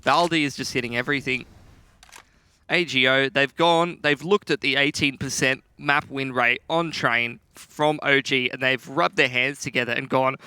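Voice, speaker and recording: A man's voice: medium pitch, fairly even intonation, normal speed, sharp tone, clear, resonant tone, dry recording. A tired man doing color commentary on an esports match, playful and bantering, laughing often. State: tired, up before dawn.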